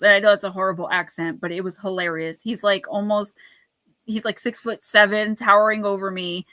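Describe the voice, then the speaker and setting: A woman talks casually to her livestream viewers, chatty and quick to laugh as she reads oracle cards aloud. Her voice is bright and forward. It sounds close and dry, with no room echo. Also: mid-range voice, level tone. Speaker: livestream oracle card reader and author. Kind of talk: casual livestream chat and card reading.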